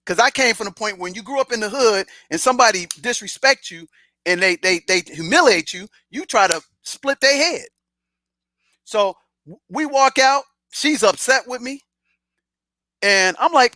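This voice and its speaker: A middle-aged man casually telling a personal story as host, animated and streetwise, acting out the dialogue. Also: extremely high pitch, moderate pace, no room sound.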